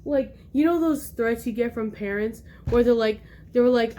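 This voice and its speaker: Animated young woman telling a story. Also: fairly high pitch, fairly quick, slight background noise. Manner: animated, acts out quoted voices. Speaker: vlogger. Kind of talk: casual storytelling.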